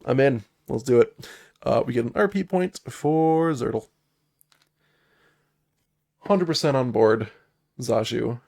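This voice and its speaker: A man's voice: mid-range voice, slow, vocal fry, pauses often, a little mellow. A man voicing a casual, easygoing male adventurer in his own everyday voice.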